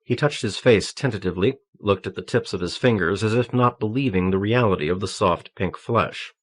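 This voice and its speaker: Reading scripted narration for an audiobook, a man works through a novel at an even, measured pace. His voice is lowish and husky.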